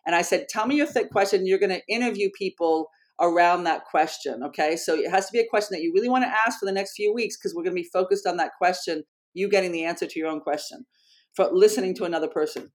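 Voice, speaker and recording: A woman educator speaking in an interview, earnest and animated, often correcting herself mid-sentence. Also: fairly low pitch, fast talker. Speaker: educator and program founder. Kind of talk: conversational interview storytelling.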